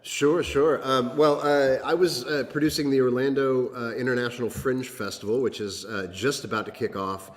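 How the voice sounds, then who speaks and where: A man's voice: mid-range voice, steady tone, moderate pace, hardly any pauses, long reverb tail. A man talking as a guest in a casual chat, rambling with many fillers and restarts.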